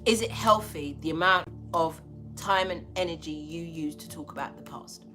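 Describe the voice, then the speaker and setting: A woman's voice: sits low, moderate pace, sharp tone, soft background music. A woman giving a spiritual tarot reading, talking bluntly and emphatically with a lot of swearing. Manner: blunt, profane, emphatic preaching.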